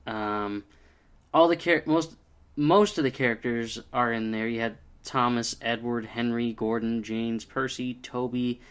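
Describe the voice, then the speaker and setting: A man's voice: mid-range voice, fairly even intonation, a little slow, clear, resonant tone. A man giving a casual spoken review, hesitant, with frequent ums and restarts. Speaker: video reviewer.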